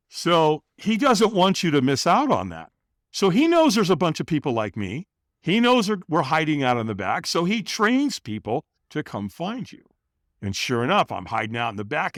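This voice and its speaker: Middle-aged guy from california telling a wild story on a podcast, voice jumping all over, dry close sound. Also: no echo. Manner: animated, acts out other people's lines with bursts of pitch and volume. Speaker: podcast guest, company founder. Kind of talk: dramatic personal storytelling in a podcast interview.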